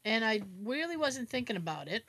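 A woman's voice: a little high, sing-song, fairly quick, fairly bright tone. A woman hosting a podcast, telling a story in casual chat, acting out quotes, laughing often and swearing freely. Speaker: podcast host.

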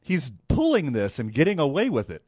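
A man hosts a podcast in loose, casual chat, joking his way through asides. His pitch swings widely as he talks. The sound is dry and close, with no room around it. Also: fairly quick, husky, no echo. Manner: animated, joking, trails into asides. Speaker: podcast host.

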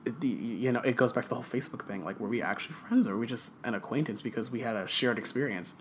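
A man co-hosting a podcast in casual chat, ranting with passion and swearing a lot, a little rough around the edges. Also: medium pitch, fast, slight background noise. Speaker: podcast co-host.

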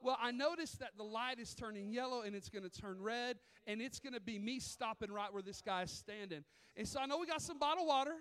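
A man's voice: very high voice, fairly quick, clear, resonant tone. A man preaching a sermon in a church, telling stories and acting out other people's voices. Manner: animated, acts out voices in stories. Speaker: pastor. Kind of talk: sermon with storytelling. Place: church sanctuary.

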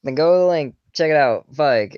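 A man co-hosting a podcast, cutting in with jokes and quick remarks. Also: fairly high pitch, animated, smooth, no echo. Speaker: podcast co-host. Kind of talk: casual chat. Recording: dry, dull lo-fi mic.

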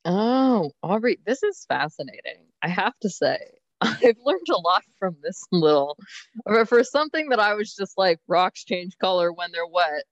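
A woman co-hosting a podcast, explaining science briskly in a casual, easygoing way. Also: medium pitch, very animated, dry recording, lo-fi sound. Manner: brisk, explanatory, laughs easily. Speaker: podcast co-host.

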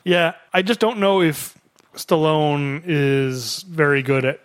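A man's voice: on the high side, slow, smooth, no room sound. A man co-hosting a casual movie-review podcast, talking in hesitant bursts with frequent restarts. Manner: hesitant, restarts often, chuckles. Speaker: podcast co-host.

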